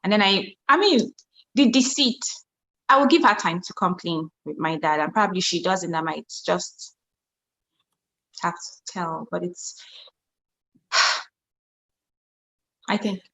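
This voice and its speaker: Woman panelist, slow and hesitant, heard in a roomy echo. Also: lowish voice, creaky, bright, forceful tone. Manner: thoughtful, hesitant. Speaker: panel guest. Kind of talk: giving an opinion on a talk show.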